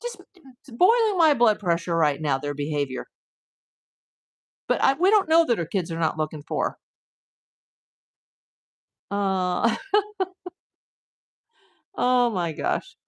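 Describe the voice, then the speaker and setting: A woman's voice: mid-range voice, huge pitch swings, slow pace, long pauses. A woman hosting a live stream as a private investigator, talking through a case with emphatic, indignant rhetorical questions. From USA.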